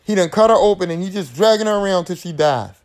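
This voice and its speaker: A man hosting a podcast, recapping a film in a casual, animated, profane storytelling manner. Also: sits high, quick pace. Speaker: podcast host.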